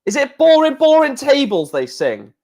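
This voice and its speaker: A young man from England hosting a casual darts watchalong stream, chatting excitably with rambling asides and mild swearing. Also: very high voice, moderate pace. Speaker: livestream host.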